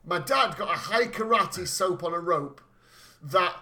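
Bright-voiced, animated man. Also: high voice, a little slow, a little hiss or hum. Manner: animated storyteller, swears freely, laughs while talking. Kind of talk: casual comedic chat.

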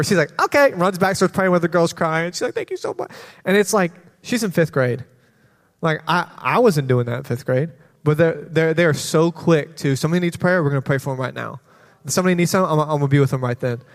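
A fairly high-voiced man preaching to a congregation, bouncing between stories and playful kid impressions. His voice rings out with a long hall reverb behind it. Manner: animated storytelling with quoted voices and laughter. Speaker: children's pastor. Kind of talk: sermon testimony. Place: church sanctuary.

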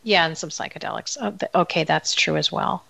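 A woman's voice: fairly low pitch, steady tone, brisk, vocal fry, sharp tone. Woman host, upbeat, agreeable, casual chat. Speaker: podcast host.

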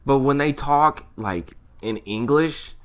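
A man's voice: medium pitch, takes it slowly, clean tone. A young man co-hosting a podcast in casual chat, blunt and profane, with emphatic opinions. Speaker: podcast co-host.

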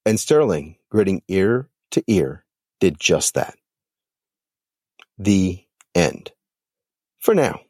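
A man hosting a podcast and narrating a story in an expressive, dramatic manner. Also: deep voice, slow, pauses often, no echo, studio quality. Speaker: podcast host.

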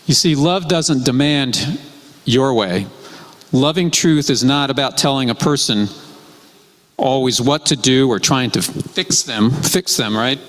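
A man preaching a sermon in a measured way, repeating his key phrases. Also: mid-range voice, lively intonation, fairly bright tone. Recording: long hall reverb.

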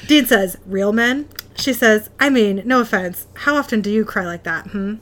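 A woman's voice: medium pitch, normal speed, fairly bright tone. A woman co-hosting a casual chat, recapping an episode and reading out lines of dialogue with frequent giggles. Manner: giggly, reads out dialogue in narration.

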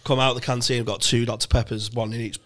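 A man's voice: medium pitch, flat delivery, fast talker, a bit bright. A young man, co-hosting a comedy podcast and telling a rambling, sweary school story in a casual chat.

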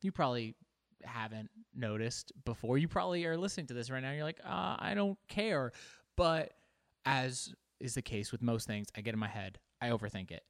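A man's voice: medium pitch, lively intonation, brisk, no room sound, clean studio sound. A man hosting his own podcast alone, rambling casually about himself in a self-deprecating way and swearing freely. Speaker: podcast host. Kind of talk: casual solo podcast monologue.

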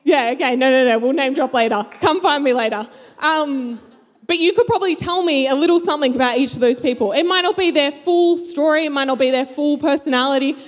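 Animated young woman telling stories. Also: sits high, fairly quick. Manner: animated storyteller who acts out her friends' voices. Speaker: speaker. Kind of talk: storytelling talk to a live audience. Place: large hall with an audience. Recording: long hall reverb.

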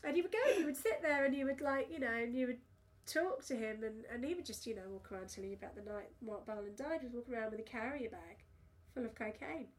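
A middle-aged woman in casual podcast chat, telling animated anecdotes and swearing freely. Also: on the high side, fast talker. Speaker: podcast co-host.

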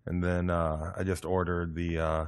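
A man co-hosting a podcast, laid-back and halting in casual chat. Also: low-pitched, flat delivery, clean tone. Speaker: podcast co-host.

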